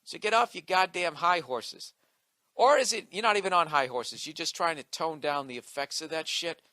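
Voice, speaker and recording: A man's voice: a little high, normal speed, bright, forceful tone, no room sound. A male comedian delivering a profane, combative comedic rant on his podcast.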